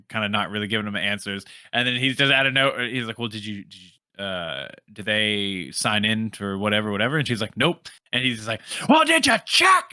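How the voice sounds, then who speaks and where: A man co-hosting a film podcast, talking casually in a halting way, often searching for words. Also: medium pitch, pushed and bright, smooth, no echo, studio quality. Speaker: podcast co-host.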